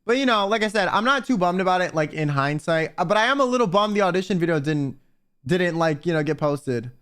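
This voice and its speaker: A man's voice: high-pitched, fairly quick, clear, resonant tone. A young American man telling a rambling story to his viewers, full of fillers and restarts. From United States. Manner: rambling, filler-heavy, animated quoting. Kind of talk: casual storytelling.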